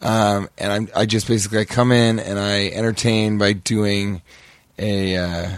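A man's voice: on the low side, little pitch movement, moderate pace, no room sound. Riffing man on a comedy podcast. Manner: riffing, swears, jumps into goofy voices. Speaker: podcast co-host. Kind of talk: improvised comedy chat.

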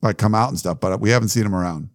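Sports podcast co-host, man, lowish voice, dry close sound, easygoing banter. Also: fast, dry recording. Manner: loose, reads listener questions with asides. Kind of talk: casual sports chat.

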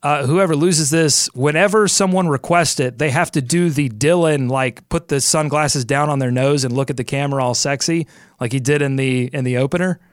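A man's voice: on the high side, moderate pace, dry recording. Upbeat male podcast host, dry sound. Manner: upbeat, jokey, thinking aloud while picking. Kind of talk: casual sports podcast chat and ad read.

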